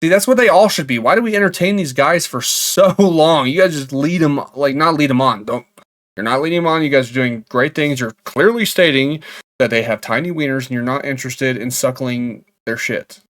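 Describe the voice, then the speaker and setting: A mid-pitched man riffs sarcastically on creepy messages. He laughs often and swears casually, in a loose comedic commentary style. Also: a little fast, fairly bright tone.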